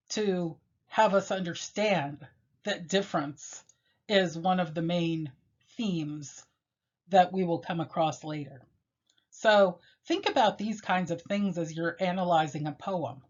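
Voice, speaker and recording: A woman teacher giving a measured, explanatory lecture on a poem, pausing often with fillers along the way. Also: on the low side. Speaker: literature teacher. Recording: dull lo-fi recording.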